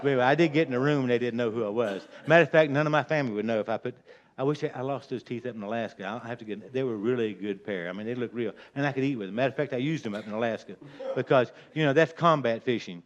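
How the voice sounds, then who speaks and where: A man's voice: mid-range voice, rapid-fire, few pauses. An older man tells a rambling, folksy anecdote, hurrying from one detail to the next. He chuckles at his own mischief as he goes. The recording is dull and lo-fi, with the top end rolled off. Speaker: storyteller. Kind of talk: casual spoken anecdote.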